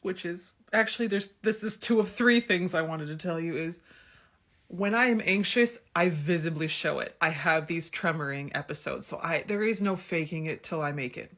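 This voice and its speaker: A lowish, a bit bright female voice moves at a moderate pace as a woman in her thirties tells a candid story from her own life. The storytelling vlogger keeps it chatty and honest, full of fillers like "um" and "like."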